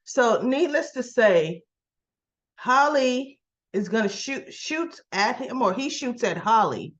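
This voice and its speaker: A woman recaps a soap opera episode for her channel in a higher-pitched voice, taking her time over every word. She gushes excitedly and acts out the characters' lines as she goes. The recording is a little dull and muffled. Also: slow pace.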